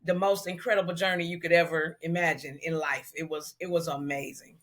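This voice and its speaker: A middle-aged woman from Los Angeles, a hairstylist telling an animated, slangy story in an interview and acting out the dialogue. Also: sits low, fairly quick. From South Central Los Angeles, US. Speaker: celebrity hairstylist, guest.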